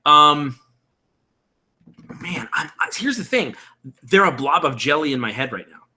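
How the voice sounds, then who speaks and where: Sitting in a home room with window blinds, a male streamer creates a game character on a live stream. His fairly high voice is sing-song, pushed and bright, with a measured pace. He talks casually and rambles, musing aloud and responding to viewer chat.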